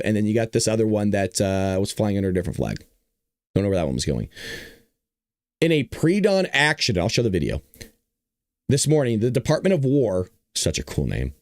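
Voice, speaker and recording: A hoarse man hosting a casual political commentary show, joking and talking to his audience. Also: lowish voice, no room sound, clean studio sound. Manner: animated, joking, talks to the audience. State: hoarse, voice worn out. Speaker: show host.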